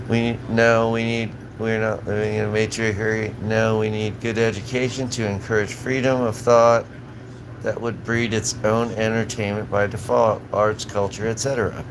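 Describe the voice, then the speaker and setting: A man's voice: on the low side, level tone, normal speed, noisy background. Profane, rambling man ranting. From Southern California. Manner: profane, agitated, rambling with frequent restarts. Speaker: live streamer. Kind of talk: rambling live-stream rant.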